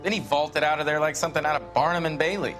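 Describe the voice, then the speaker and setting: A chatty veteran police officer, played by an actor, telling an old arrest story with wry asides. His voice sits a little high for a man. Faint game music plays underneath. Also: steady tone, quick pace, lightly acted. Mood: recounting.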